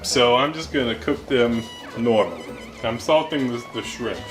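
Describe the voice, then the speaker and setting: A man hosting a casual cooking vlog in his home kitchen, with goofy, deadpan wordplay. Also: medium pitch, unhurried. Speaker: cooking show host. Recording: music playing underneath.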